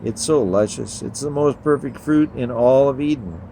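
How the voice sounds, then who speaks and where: A man's voice: normal speed, creaky, warm tone, a little hiss or hum, close to an everyday voice, low-quality recording. A man reading a story aloud, voicing Eve as a headstrong, pleading young woman in a raised voice. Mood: persuading. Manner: pleading, stubborn, raised pitch.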